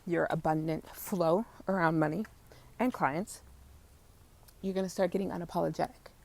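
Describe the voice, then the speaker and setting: A young adult woman with a slightly low voice hosts a spiritual coaching podcast, talking in an effusive, motivational, freewheeling way. She swears casually and stays chatty. She records while walking outdoors through a neighborhood. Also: darkish tone. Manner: effusive, swears casually, coos high at cats.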